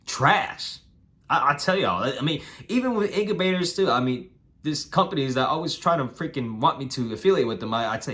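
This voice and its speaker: A young man with a hoarse, nasal voice giving casual advice on raising puppies, repeating himself and tagging lines with "right?" and "man". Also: medium pitch, brisk, fairly bright tone. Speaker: dog breeder giving advice. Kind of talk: casual instructional vlog.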